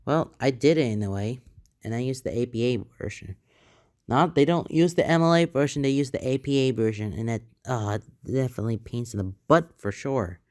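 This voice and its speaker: A man with a smooth, resonant voice reads online posts aloud in an earnest tone, then breaks into loose, rambling reactions. His voice sits at a middle pitch, and the sound is close and dry. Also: moderate pace, a little mellow, no room sound. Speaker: channel host reading and reacting to online posts. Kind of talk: reading posts aloud with casual commentary.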